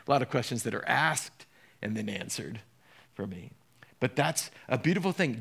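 A man preaching to his church, retelling scenes from the gospels and going from a soft, slow tone to loud, lively bursts. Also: medium pitch. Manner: dramatic, quick shifts between soft and loud, voices the figures he quotes. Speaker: pastor. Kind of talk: sermon.

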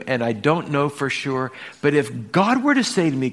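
A middle-aged pastor preaching a sermon, telling a story and acting out bits of dialogue with shifting emphasis. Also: male voice, fairly high pitch, lively intonation, normal speed, hardly any pauses, a bit bright.

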